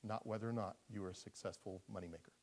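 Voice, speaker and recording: A man preaching a sermon in a conversational, humorous style, animated and quick to laugh at himself. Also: lowish voice.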